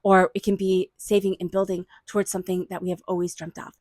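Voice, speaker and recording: A woman giving a tarot reading, murmuring invocations to angels and spirit guides and offering warm, excited encouragement. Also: mid-range voice, fast talker, dry recording. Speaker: tarot reader. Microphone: own microphone.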